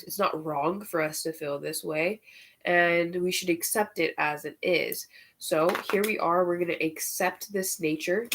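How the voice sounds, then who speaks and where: A woman with a lowish voice does a casual tarot reading at an unhurried, drawn-out pace. She is chatty and candid, drops swear words and slang, and exclaims over what the cards show. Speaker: tarot reader.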